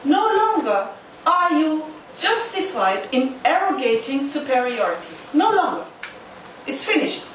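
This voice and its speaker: High-voiced woman lecturing in an echoey hall. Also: big pitch swings, a little slow. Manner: emphatic, uses volunteer demonstrations. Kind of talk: interactive lecture. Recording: echoey hall from far off, faint noise.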